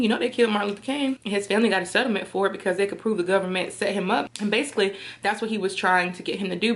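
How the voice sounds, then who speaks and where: A woman vlogging a casual, slangy film review to her viewers, animated and often laughing. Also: medium pitch. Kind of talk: casual chat to camera.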